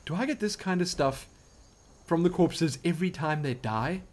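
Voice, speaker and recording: Male gamer, lively swooping voice, pitched a bit high, jokey and excitable commentary. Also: normal speed. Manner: excitable, exclaiming, chatty and jokey. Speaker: let's play gamer. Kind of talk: live gameplay commentary.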